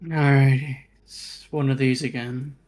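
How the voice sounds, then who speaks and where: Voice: mid-range voice, level tone, unhurried, darkish tone. Hesitant tabletop game player. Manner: hesitant, lots of fillers. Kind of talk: casual chat.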